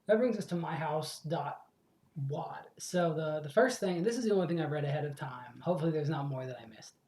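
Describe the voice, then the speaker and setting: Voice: medium pitch, brisk, darkish tone, roomy sound. A let's play host in casual commentary, rambling, swearing freely and correcting themself as they go.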